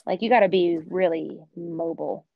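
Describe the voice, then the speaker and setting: An American woman co-hosting a podcast, chatting casually with lots of "like" and quick laughs. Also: lowish voice, vocal fry, highs cut off. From United States. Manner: chatty, filler-heavy, laughs often. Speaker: podcast co-host. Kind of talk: casual chat.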